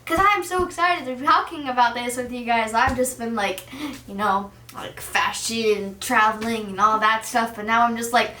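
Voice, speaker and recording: Teenage girl, gushy fan chatter, slightly high voice, roomy echo. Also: steady tone, moderate pace, bright, forceful tone, recorded from a distance, slight background noise. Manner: gushing, giddy, says "like" constantly. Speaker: vlogger. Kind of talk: excited fan chat to camera.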